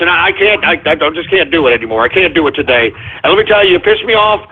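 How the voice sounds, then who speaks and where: A hot-tempered male radio host with a high, husky voice rants and swears as he reads through listener shout-outs. His outbursts break into shouting. The sound is thin and tinny, like a phone line. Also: animated, fast, few pauses. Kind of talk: live internet radio talk, reading shout-outs.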